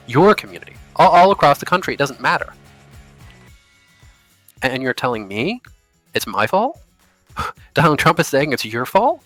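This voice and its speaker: A man's voice: on the high side, fairly bright tone. A man giving angry, profane political commentary, ranting in a furious tone.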